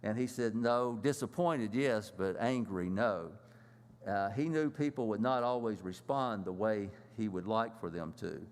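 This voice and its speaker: A man teaching a church lesson in a plain, halting way, with many fillers and restarts. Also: lowish voice, in a large hall.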